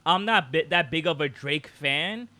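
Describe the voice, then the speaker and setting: A man chats on a podcast in a bright, forceful voice that sits a little high for a man. He is animated and rambling, with a steady stream of "like"s and restarts. The sound is very dry and close to the mic. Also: measured pace, no room sound. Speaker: podcast co-host. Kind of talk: casual podcast chat.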